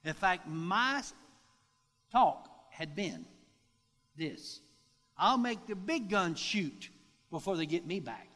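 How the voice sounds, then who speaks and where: A pastor tells his testimony in a sermon, with a high voice for a man. He delivers it as animated storytelling and acts out the people he quotes. His voice rings out with a long reverb in a large hall. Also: slow, pauses often, faint music behind.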